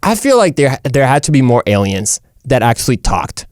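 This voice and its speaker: Young male host, jokey rambling monologue, middle pitch, dry sound. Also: big pitch swings, moderate pace, a little mellow, no room sound. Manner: rambling, jokey, says "dude" and "like" often. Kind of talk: casual comedic monologue.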